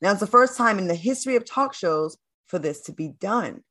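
A woman's voice: mid-range voice, animated, fairly quick, sharp tone. A woman hosting a chat show, reading news items and putting questions to her co-hosts. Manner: steers the talk, poses questions. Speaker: host.

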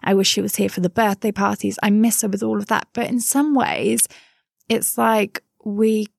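Woman with a southern English accent, thirties, gravelly voice, chatty and frank, dry close sound. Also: medium pitch, fairly even intonation, moderate pace, no echo. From England. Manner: chatty, frank, laughs easily. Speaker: interviewee, mother living abroad. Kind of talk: casual interview chat.

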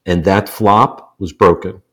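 Low-voiced guy in his 60s, earnest, explains stuff and repeats himself to make a point. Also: steady tone, a little slow, fairly bright tone. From United States. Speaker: podcast guest. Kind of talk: conversational storytelling.

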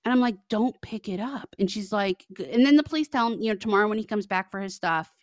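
Animated woman telling a story, dry mic. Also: medium pitch, fast, dry recording. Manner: animated, acts out both sides of phone calls. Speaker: podcast co-host. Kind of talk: casual storytelling chat.

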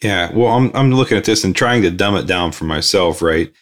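A man's voice: deep voice, lively intonation, brisk. A man who works in aircraft maintenance, talking casually and thoughtfully with plenty of ums and a dry sense of humor. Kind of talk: casual shop talk.

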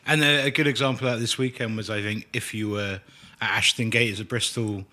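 A man's voice: fairly low pitch, steady tone, fairly quick, bright, forceful tone. A man co-hosting a casual football podcast, wordy and thoughtful, with playful turns of phrase. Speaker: podcast co-host.

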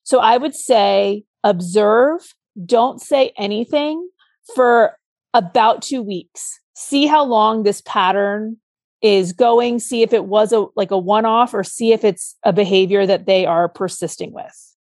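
A woman's voice: medium pitch, measured pace, a little mellow, no echo. A woman co-hosting a podcast, talking casually and earnestly about parenting, walking through examples step by step. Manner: earnest, explains with examples, acts out a child's outburst. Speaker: podcast co-host. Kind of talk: casual advice chat.

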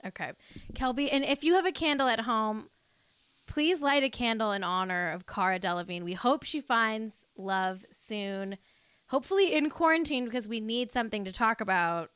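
A woman's voice: fairly high pitch, moderate pace, a bit bright, clean tone, no room sound. A young woman co-hosting a casual gossip podcast, playful and mock-solemn. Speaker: podcast co-host. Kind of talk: casual celebrity gossip chat.

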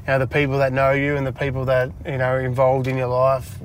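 A man's voice: mid-range voice, monotone, fast talker, slight background noise. Chatty Australian man in a car. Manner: chatty, self-deprecating, lots of fillers. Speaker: interview guest. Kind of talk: casual chat. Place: inside a parked car.

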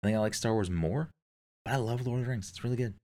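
A man's voice: medium pitch, fast talker, a little mellow. A man chatting casually and enthusiastically, swearing often and using lots of fillers. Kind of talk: casual podcast chat.

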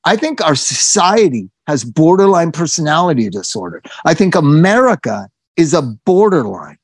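A man telling stories in casual chat, animated and swearing, acting out what people said. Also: fairly high pitch, normal speed, husky, no room sound. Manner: animated, swearing, acts out quotes.

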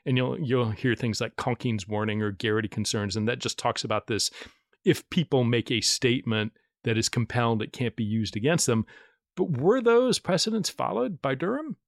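A man co-hosts a podcast, walking through legal detail in a measured, explanatory way, with flashes of dry humor. His voice sits mid-range and is recorded close and dead dry. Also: mid-range voice, no echo. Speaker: podcast co-host. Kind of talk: casual explanatory podcast chat.

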